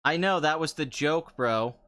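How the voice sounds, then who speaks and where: A man's voice: fairly high pitch, measured pace, sharp tone. A young man hosting a casual chat show, answering viewer comments in a sarcastic, rambling way and laughing often. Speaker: podcast host.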